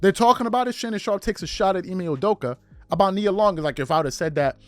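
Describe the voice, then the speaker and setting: A man's voice: high voice, fast, dry recording, soft background music. A man hosting a podcast, riffing through incredulous rhetorical questions in casual commentary. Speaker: podcast host.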